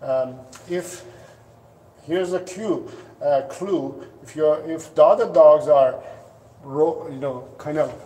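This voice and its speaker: A man's voice: on the high side, slow pace, mellow, recorded from a distance, poor audio. A man who is a dog trainer answering viewers' questions in a casual live stream, patiently explaining and sometimes acting out what a dog might be thinking. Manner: patient, explanatory, acts out dogs' thoughts in playful voices. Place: indoors at home, dogs nearby.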